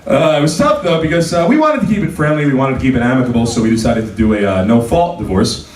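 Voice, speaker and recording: A man from New Jersey doing a stand-up comedy set in a club, talking casually and breaking into loud rants. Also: medium pitch, expressive, quick pace. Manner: conversational, with sudden loud rants. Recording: roomy club sound, voice from a distance.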